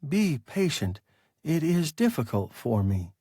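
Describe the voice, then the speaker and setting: A slow, unhurried alien creature muses in a gravelly, husky voice, as a man reads it aloud. It reasons formally and calmly, its pitch rolling widely across each sentence in a dry, close storybook reading. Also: dry recording, full character voice. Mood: calm reasoning. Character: calm, philosophical alien creature, large and sluggish.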